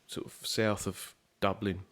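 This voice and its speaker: A man's voice: low-pitched, flat delivery, measured pace. A young man from southeast England, a musician guest chatting casually in a podcast interview, easygoing and rambling with lots of fillers.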